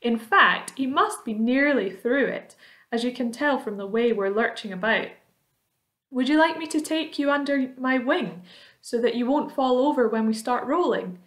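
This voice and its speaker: A woman voicing a kind and gentle female ladybird in a children's story, speaking in a soothing, reassuring way. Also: on the high side, normal speed, roomy sound, natural voice. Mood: kindly.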